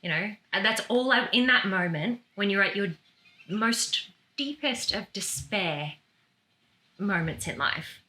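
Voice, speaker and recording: A woman's voice: mid-range voice, lively intonation, a little slow, bright, forceful tone. A woman talking as a guest, earnestly and emotionally recounting a personal experience, often restarting her sentences. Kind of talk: casual conversation, personal account.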